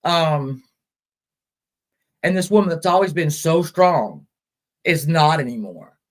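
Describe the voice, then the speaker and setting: A woman with a low, expressive voice hosts a live stream offering support to caregivers. She talks casually and haltingly, with lots of fillers and restarts, and reads out and responds to viewer comments.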